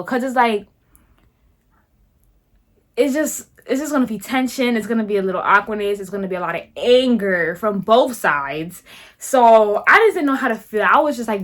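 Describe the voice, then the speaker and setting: Bright-voiced young New woman. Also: a little high. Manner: profane, animated, lots of filler words. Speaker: vlogger. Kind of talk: casual storytime.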